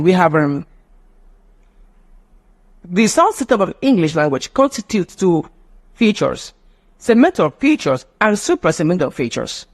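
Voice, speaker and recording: A man teaching a live online phonetics class, often asking rhetorical questions. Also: a little high. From Nigeria. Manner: animated, mimics children's voices, asks rhetorical questions.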